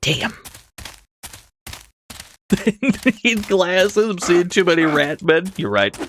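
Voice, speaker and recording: A man's voice: high-pitched, very slow, noisy background. A man giving casual, playful commentary while streaming a game, laughing often and making mock-dramatic remarks. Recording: game music under the voice.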